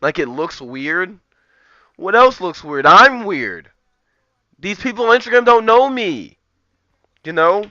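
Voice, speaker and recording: A streamer rants in rambling, profane casual commentary, packing in filler words and leaning heavily on "like." His high voice is sing-song, bright, and forceful, delivered slowly with frequent pauses, on a dull lo-fi, dry recording.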